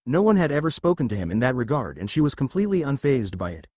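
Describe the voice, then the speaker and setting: A man narrating a fan fiction story in an expressive storytelling manner. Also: mid-range voice, fast talker, breathy edge, no echo.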